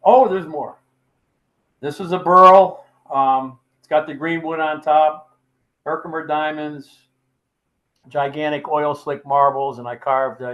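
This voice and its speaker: A man's voice: medium pitch, muffled recording. An older man casually presenting his wood carvings, folksy and rambling with plenty of fillers. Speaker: sculptor presenting his work. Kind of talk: casual show-and-tell talk.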